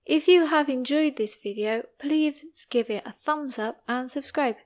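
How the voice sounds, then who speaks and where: A woman teaching a pronunciation lesson, saying example words one by one, slowly and deliberately, with pauses between them. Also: high-pitched. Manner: slow, deliberate, pausing after each example word. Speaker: English teacher.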